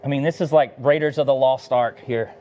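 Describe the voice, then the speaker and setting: A man's voice: mid-range voice, fairly even intonation, a little fast, mellow. A middle-aged man from Texas, a barbecue pitmaster chatting casually between bites while hosting a live cooking demo. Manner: laid-back and enthusiastic, talking between bites.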